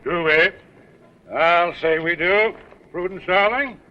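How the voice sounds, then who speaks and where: A man's voice: sits high, slow, bright, forceful tone, exaggerated voice. An actor playing a fawning con man with flowery, stammering speech in a 1930s comedy film. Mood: scheming. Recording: dull 1930s film soundtrack, faint hiss.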